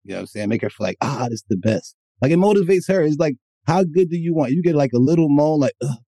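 A man co-hosting a podcast, talking crudely and loudly, swearing and laughing as he jokes. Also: on the high side, lively intonation, rapid-fire, no echo. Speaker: podcast co-host. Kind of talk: crude casual chat.

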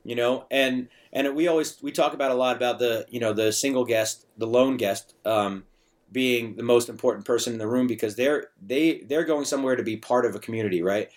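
A middle-aged man, a bar owner and bartender appearing as a guest, chats on a casual podcast at an ordinary mid-range pitch and a brisk pace. He tells stories loosely and rambles, doubling back over his words with frequent restarts and filler.

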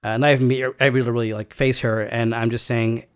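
A man's voice: medium pitch, level tone, clean tone. Rambling man telling a personal story. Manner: rambling, halting, heavy on fillers and restarts.

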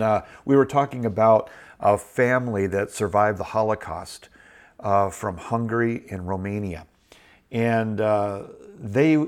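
A middle-aged man hosting a show, giving an earnest, encouraging Bible teaching and repeating phrases for emphasis. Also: medium pitch. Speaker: host.

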